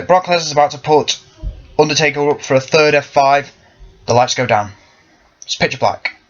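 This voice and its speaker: A young man with a fairly high, fairly bright voice rambles casually about wrestling, often correcting himself as he goes. He's a wrestling fan vlogger, and the recording sounds lo-fi and muffled.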